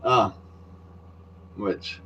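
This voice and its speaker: A man rambles to his handheld camera in a bright, forward voice, cursing freely with a wry edge. He talks outdoors near a construction site, with faint traffic hum behind him. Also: very slow, low-quality recording. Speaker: vlogger. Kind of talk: casual rambling monologue to camera.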